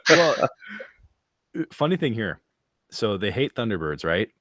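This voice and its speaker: A man's voice: fairly low pitch, sing-song, measured pace, a bit bright, dry recording, clean studio sound. A man co-hosting a podcast, telling the story with joking asides. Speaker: podcast co-host. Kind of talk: casual storytelling chat.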